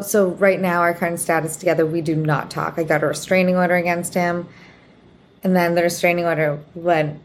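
A woman in her thirties hosting a podcast, telling personal dating stories in a candid, blunt, swearing way with sudden jumps in pitch. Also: slight background noise. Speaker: podcast host. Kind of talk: casual storytelling monologue.

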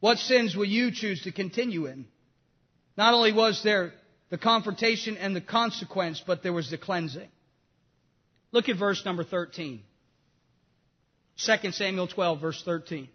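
Male pastor, very high voice, impassioned sermon, echoing hall. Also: moderate pace, long pauses, lo-fi sound. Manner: impassioned preaching, swinging from loud to hushed.

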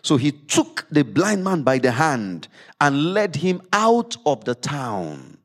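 Lively male preacher, animated sermon. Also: slow pace. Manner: reads scripture aloud with rising emphasis, then drops low to explain. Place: church service.

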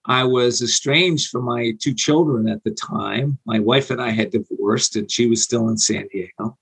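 A man in his forties telling a personal recovery story in a halting, earnest way, with many fillers and restarts. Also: mid-range voice, creaky, slightly rough, rough recording. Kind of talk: personal storytelling on an interview show.

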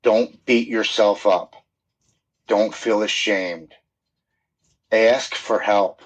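Earnest low-voiced man telling his story. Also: steady tone, takes it slowly. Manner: earnest, heartfelt, repeats words when moved. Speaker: podcast guest. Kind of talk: personal recovery story.

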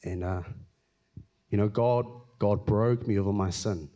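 A man giving an earnest, emotional personal testimony in church, often halting and repeating himself. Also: lowish voice, fairly even intonation, dark tone. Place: church hall.

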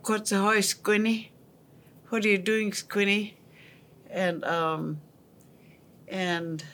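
A woman telling a family story in a podcast, halting, with many pauses and fillers. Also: lowish voice, fairly bright tone.

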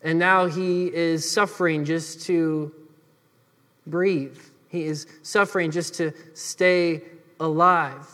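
Man, pastor, sermon, earnest and explanatory, high voice, long hall reverb. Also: steady tone, slow pace, bright, forceful tone. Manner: earnest, explanatory, addresses the congregation directly.

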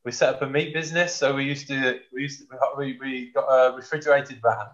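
A man's voice: medium pitch, fairly even intonation, a little fast, a bit bright. Man, thirties, blunt and frank, muffled lo-fi recording. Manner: blunt, frank, says mate often. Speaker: podcast guest, former rugby player. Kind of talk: casual chat. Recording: dull lo-fi sound.

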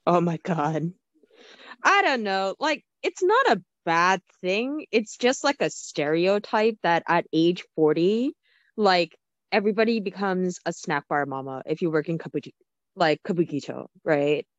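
A woman's voice: lowish voice, animated, a little slow, dry recording, lo-fi sound. A woman co-hosting a podcast, chatting casually in a blunt, opinionated way. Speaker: podcast co-host. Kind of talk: casual chat.

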